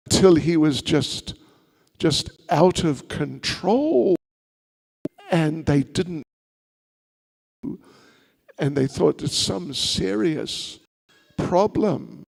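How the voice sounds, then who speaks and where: A man's voice: a little high, gravelly, darkish tone, in a large hall. A man, a monk at a seminar, telling a sermon story in a playful way with chatty asides to the audience.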